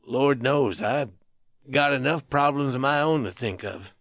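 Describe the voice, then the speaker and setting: A man voicing a wounded, tattered soldier who talks in a halting, pleading way and repeats himself. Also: mid-range voice, a bit bright, dry recording, dull audio, close to an everyday voice. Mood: worried.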